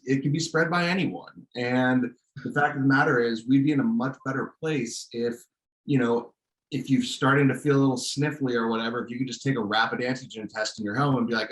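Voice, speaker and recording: A man's voice: mid-range voice, a bit bright, reverberant, low-quality recording. A man co-hosting a podcast, talking casually in an opinionated, ranting way with frequent restarts. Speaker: podcast co-host. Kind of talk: casual chat.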